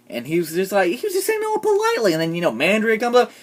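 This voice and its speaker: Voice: mid-range voice, huge pitch swings, racing, few pauses. Sarcastic vlogger with a swinging voice. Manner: opinionated, sarcastic, trailing off quietly. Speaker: TV show reviewer. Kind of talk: casual ranting review.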